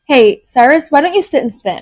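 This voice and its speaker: A woman's voice: high-pitched, expressive, fairly quick, very noisy. A young woman co-hosting a podcast, chatting casually, poking fun at herself and laughing easily. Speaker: podcast co-host. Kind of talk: casual chat.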